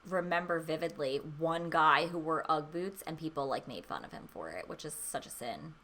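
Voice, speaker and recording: Bright-voiced woman telling rowdy stories. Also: low-pitched, expressive, normal speed. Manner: loose storytelling, swears freely, lots of "like". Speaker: streamer co-host. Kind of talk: casual chat.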